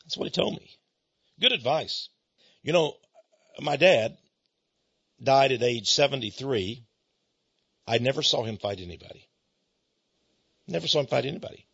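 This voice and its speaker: A man, a Christian speaker telling stories in an animated, chuckling sermon style. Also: mid-range voice, gravelly, slightly rough, lo-fi sound. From Texas, USA. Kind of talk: storytelling sermon.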